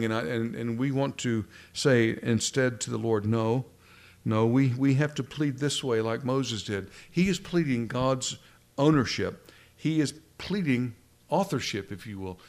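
A man's voice: medium pitch, normal speed. A man preaching a sermon, earnest and pleading, often repeating words as he builds a point.

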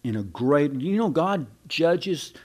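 A man's voice: a little high, lively intonation, slow pace, a little mellow. A man preaching a sermon in a folksy, conversational way, often repeating and restarting his words.

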